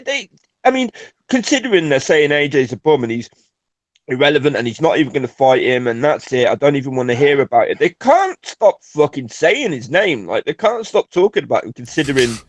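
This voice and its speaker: Animated, profane male podcast co-host. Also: mid-range voice, fairly quick, no echo. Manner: animated, profane, jumps into quoted voices. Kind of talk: casual boxing podcast chat.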